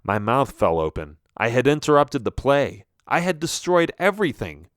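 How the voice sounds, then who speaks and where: A man narrating a children's storybook in the first person, with an animated, expressive reading. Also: medium pitch, moderate pace, dry recording, clean studio sound. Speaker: audiobook narrator.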